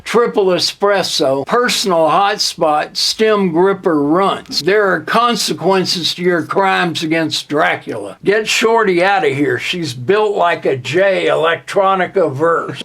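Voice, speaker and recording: Young man, high voice, slow drawl, deadpan boasts, absurd comedy monologue. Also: vocal fry.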